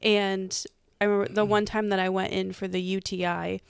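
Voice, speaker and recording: Female podcast co-host, vocal fry, dry room, relaxed storytelling. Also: mid-range voice, moderate pace, no room sound. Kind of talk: casual chat.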